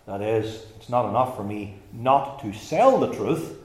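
A man's voice: medium pitch, lively intonation, normal speed, few pauses, a little mellow. A man preaching a sermon in an emphatic style, using rhetorical questions. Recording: echoey church room.

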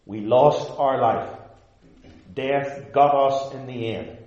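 Male pastor, mid pitch, measured emphatic sermon delivery, roomy church sound with dull, muffled highs. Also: darkish tone. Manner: measured, emphatic preaching with repeated short phrases. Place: church service before a live congregation.

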